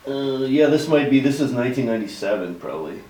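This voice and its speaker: A man telling a lively story about his early days building custom bikes, acting out voices and engine noises in casual chat. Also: medium pitch, fast talker, roomy sound, recorded from a distance, poor audio.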